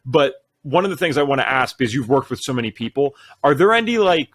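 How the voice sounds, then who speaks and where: A man hosts a podcast interview, talking quickly and casually with a mid-range voice. He strings his questions together loosely and easily. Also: mid-range voice, expressive, fairly bright tone, breathy edge. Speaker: podcast host.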